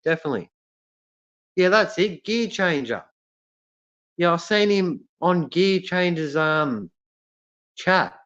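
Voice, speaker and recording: A man with an Australian accent chats casually on a live stream, reading out viewers' comments. His voice sits slightly high and he speaks haltingly, stopping often to restart. The sound is muffled and lo-fi. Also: expressive, a bit bright. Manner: halting, many fillers and restarts. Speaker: livestream host reading chat. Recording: lo-fi dull sound.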